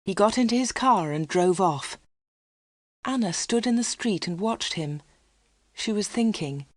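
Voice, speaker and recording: Clear woman reading a story. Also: medium pitch, animated, unhurried. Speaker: narrator. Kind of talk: scripted storybook narration for learners.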